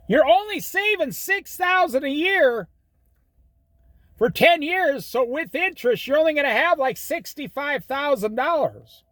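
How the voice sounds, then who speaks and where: A man's voice: extremely high pitch, expressive, takes it slowly, long pauses, a bit bright, no room sound. A middle-aged man giving folksy, preachy life and money advice, telling stories as he goes. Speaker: host. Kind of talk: casual monologue.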